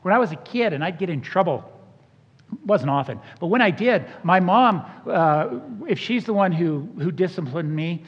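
Guy preaching, high lively voice, acts out the quotes, dull sound with long reverb. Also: moderate pace, breathy edge. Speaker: pastor. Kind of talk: sermon.

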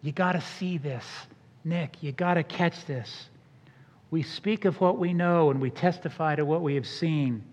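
A man's voice: a little high, a little slow, darkish tone. A man preaching a sermon as a pastor, conversational and emphatic, with casual asides to the congregation. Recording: dull sound with long hall reverb.

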